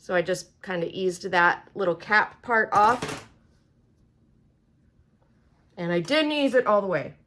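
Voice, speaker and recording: A woman's voice: medium pitch, expressive, slow pace, pauses often, fairly bright tone, slight background noise. A woman from Oklahoma, chatting through a casual how-to demonstration and talking to viewers like friends. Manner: chatty and folksy, talks straight to viewers as friends. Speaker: product demonstrator.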